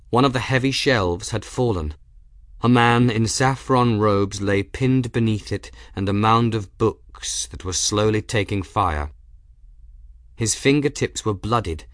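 Low-voiced man reading an audiobook. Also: dry recording, studio quality. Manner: steady measured reading, voicing characters in quotes. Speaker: audiobook narrator. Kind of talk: scripted narration.

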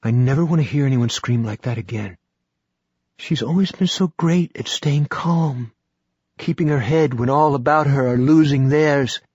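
A shaken woman who has made a hard choice speaks with a husky, breathy edge, put on by a man reading the book. Her voice sits a little above his own and stays steady and resolved. The recording is dry and close. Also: medium pitch, moderate pace, no room sound, lo-fi sound, pitched above the performer's own voice, close to an everyday voice. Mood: distraught. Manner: distraught, strained, firm. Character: grieving exhausted woman, wife and mother.

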